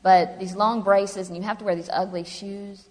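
A woman's voice: mid-range voice, fairly even intonation, normal speed, darkish tone. A woman telling her personal story to an audience in a chatty, humorous way. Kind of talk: personal testimony to a live audience. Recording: long hall reverb.

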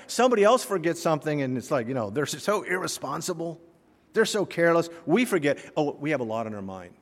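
Animated preaching man in a reverberant hall. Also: fairly high pitch, fairly quick. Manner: animated storyteller, voices characters, swings loud and soft. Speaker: pastor. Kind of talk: sermon with acted stories. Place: church sanctuary.

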